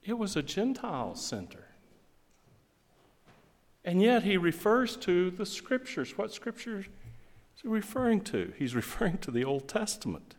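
A middle-aged man, a pastor, preaching a sermon with emphatic swings between loud and quiet. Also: high voice, big pitch swings, unhurried, long pauses. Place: church sanctuary. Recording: long reverb of a church hall.

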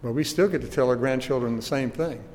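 A man's voice: medium pitch, quick pace, darkish tone, in a large hall. A man preaching a sermon with earnest emphasis and rhetorical questions, recorded in a church.

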